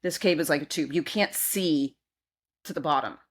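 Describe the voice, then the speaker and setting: A middle-aged woman co-hosting a podcast, telling a personal story in casual chat and acting out what she shouted back then. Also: deep voice, normal speed. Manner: animated storyteller, acts out her own past shouts. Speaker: podcast co-host.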